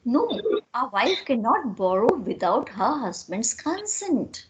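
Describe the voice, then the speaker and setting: A woman's voice: on the high side, very animated, slow pace, a little hiss or hum. A woman reading a sober, reproving friend. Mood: earnest. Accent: Indian English.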